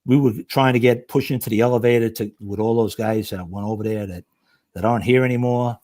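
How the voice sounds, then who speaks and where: An older man with a New York accent, a retired fire lieutenant telling stories as a podcast guest, animated and rambling, acting out the voices of the people he quotes. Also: medium pitch, fast talker. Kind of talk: casual storytelling chat.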